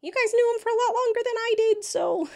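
A woman voicing a bewildered young man who tells a strange story in a hurried, confused way during a tabletop game. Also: extremely high pitch, gravelly, dark tone, pitched above the performer's own voice.

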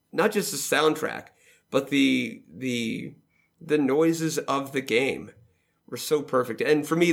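A man hosts a casual roundtable about games. His voice sits slightly high for a man and has a gravelly, fry-laced edge. He steers the talk and laughs easily. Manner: leads the discussion, laughs easily. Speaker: podcast host.

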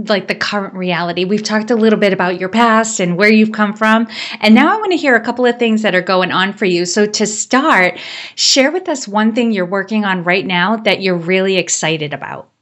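A woman's voice: medium pitch, moderate pace, a bit bright. Encouraging woman podcast host. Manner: encouraging, conversational. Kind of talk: interview hosting.

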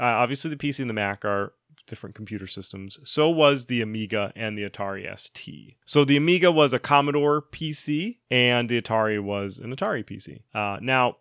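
A man's voice: medium pitch, a bit bright, dry recording, studio quality. A man chatting casually about old video games, talking in a loose way with lots of restarts. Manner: chatty, many restarts and fillers.

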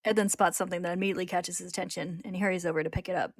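A woman with a lowish voice recaps a story for her listeners, relaxed and chatty, with laughter breaking in now and then. The sound is dry and close, with no room around it. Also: racing, no room sound. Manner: laughs often, punches up quoted lines. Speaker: podcast host retelling a manga. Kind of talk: casual recap narration with acted quotes.

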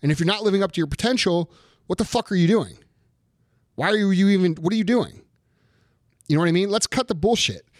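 Brief: high-voiced man in his thirties, profane heated rant, bone-dry close sound. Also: a little fast, pauses often, no echo. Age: 30s. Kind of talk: casual chat.

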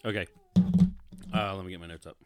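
A man's voice: sits low, steady tone, fairly quick, over loud music. A man co-hosting a podcast, teasing and laughing with his partner in casual banter between takes. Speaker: podcast co-host.

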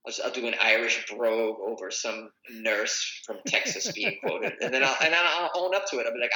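Bright-voiced rambling comedian, roomy sound. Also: male voice, medium pitch, moderate pace, hardly any pauses. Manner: rambling, self-correcting, many fillers. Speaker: comedian and podcaster. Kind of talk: casual conversation.

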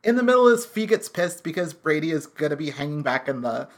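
A podcast co-host recapping a TV episode in casual chat, brisk and full of "like" fillers, swearing now and then. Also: mid-range voice, big pitch swings. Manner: chatty, frequent "like" fillers, brisk summarizing.

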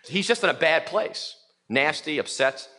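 A man's voice: fairly high pitch, unhurried. A middle-aged male pastor preaching a sermon in a church, acting out biblical voices as he tells the story. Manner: animated, acts out voices of biblical figures. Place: church sanctuary in New York City.

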